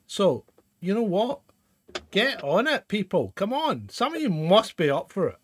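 A man's voice: sits high, big pitch swings, a little slow, slight background noise. A man co-hosting a live chat show, talking emphatically and swearing, ranting with rhetorical questions. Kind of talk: casual banter, live stream.

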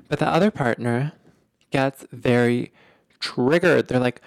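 A relationship podcast host talking in a loose, conversational way, often circling back with fillers and repeated phrases. The voice sits at a mid pitch and is recorded close and dry, with no room sound. The delivery jumps up in pitch for emphasis. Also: measured pace, dry recording. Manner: animated, emphatic, lots of filler words and repetition. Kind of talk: casual explanatory talk.

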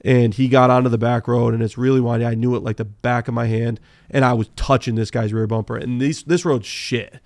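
A man telling animated, profanity-laced car racing stories as a podcast guest, full of fillers. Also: medium pitch, brisk, dry recording. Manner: animated, swears freely, many fillers. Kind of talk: casual storytelling interview.

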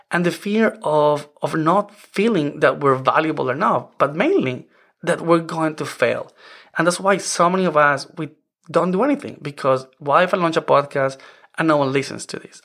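Non-native English-speaking male podcast host in his forties, earnest and rambling, with a fairly high voice. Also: creaky, fairly bright tone. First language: not English. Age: 40s. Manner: earnest, rambling with many "I mean" restarts. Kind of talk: casual self-help podcast monologue.

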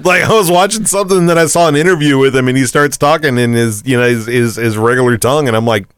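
A man's voice: mid-range voice, fast talker, a bit bright, smooth, dry recording, studio quality. A man co-hosting a casual podcast chat, easygoing and agreeable, swearing now and then. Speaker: podcast co-host. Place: room near Woodbridge, Virginia.

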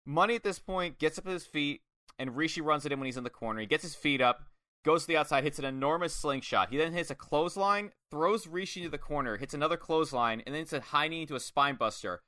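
Male co-host, casual recap chat, bright tone, dry booth sound. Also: fairly high pitch, quick pace, no room sound. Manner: animated, quotes wrestlers in put-on voices. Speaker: podcast co-host.

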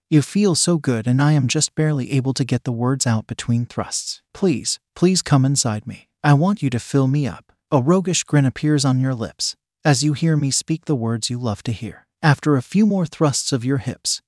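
A man's voice: mid-range voice, darkish tone, no room sound. Man narrating an intimate audio story, dry close sound. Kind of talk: first-person erotic audio story narration.

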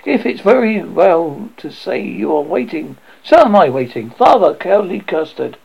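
A man's voice: sits high, sing-song, normal speed, creaky, husky, muffled recording, full character voice. A man voicing a stubborn, suspicious little boy who talks back in a storybook reading. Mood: defiant. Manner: defiant, cold.

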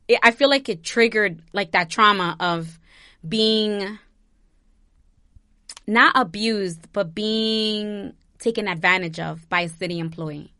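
A young woman from New Jersey, USA, vlogs with impassioned personal commentary that keeps circling back on itself, swearing freely and near tears. Her mid-range voice is bright and forceful, and she speaks slowly. There's no room sound.

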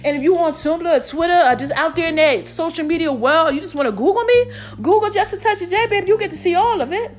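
A high-pitched woman from South Jersey hosts her own show in a loose, chatty monologue. She is playful and sassy, and she swoops up and down as she talks. Faint music plays behind her. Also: fast, few pauses. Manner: playful, sassy, calls listeners "y'all" and "babies", refers to herself as Mama. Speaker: podcast host. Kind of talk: casual podcast monologue.

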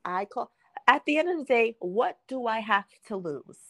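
A woman's voice: fairly high pitch, lively intonation, moderate pace, a bit bright, no echo. A young adult woman hosting a podcast, telling a story in casual chat and acting out the quotes, laughing often. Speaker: podcast host.

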